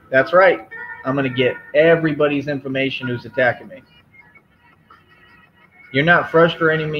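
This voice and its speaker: Male streamer, mid-pitched, confrontational lecturing tone, dull lo-fi audio. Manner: confrontational, firm and repetitive, lecturing. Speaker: livestream host. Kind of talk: live stream rant to chat.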